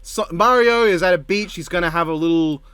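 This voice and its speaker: A man co-hosting a casual commentary chat, animated and swearing freely. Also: high voice, a little fast, smooth, no echo, studio quality. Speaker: co-host.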